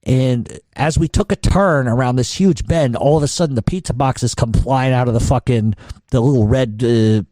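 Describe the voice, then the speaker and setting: A man's voice: medium pitch, normal speed, warm tone, no room sound, studio quality. A middle-aged man telling a long story in casual talk, cursing often and restarting his sentences. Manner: profane, rambling, many restarts. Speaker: podcast storyteller.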